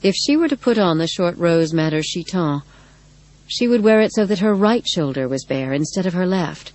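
A woman narrating a dark story in a measured, dramatic reading. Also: lowish voice, animated, low-quality recording. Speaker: audiobook narrator. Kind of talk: scripted narration.

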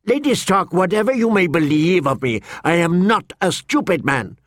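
A man reading aloud, voicing a sharp-tongued, sardonic male dwarf nobleman in a slightly raised voice. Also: high voice, big pitch swings, no echo, studio quality, pitched above the performer's own voice. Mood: defiant. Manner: sardonic, quick, cutting.

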